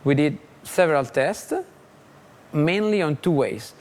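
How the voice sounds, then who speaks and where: A man's voice: on the high side, animated, a little mellow. Italian-accented man recalling a restoration. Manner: halting, with many fillers. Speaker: film restorer. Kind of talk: interview recollection.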